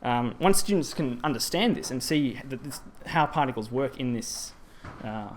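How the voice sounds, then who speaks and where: A man speaking at a teaching symposium, walking an audience through grammar step by step at a mid-range pitch. He explains patiently but often stops to correct himself and fills pauses with ums. A faint hum of noise sits under his voice. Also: expressive. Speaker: presenter at a language teaching symposium. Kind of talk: conference talk explaining grammar.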